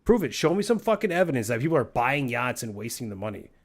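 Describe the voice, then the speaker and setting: A man's voice: mid-range voice, very animated, fast talker. A married man streaming a game, ranting in a heated, argumentative and profane way. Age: adult, married with a son.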